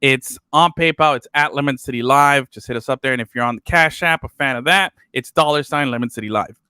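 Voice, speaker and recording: A man's voice: medium pitch, brisk, pushed and bright, clean tone, dry recording, studio quality. A man hosting a casual sports talk show, joking and slangy. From island.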